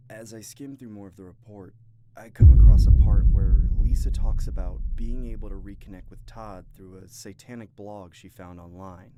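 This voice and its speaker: A man reading scary stories aloud in first person at a steady pace, with a few asides of his own. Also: on the low side, moderate pace, very noisy. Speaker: horror story narrator. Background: faint music.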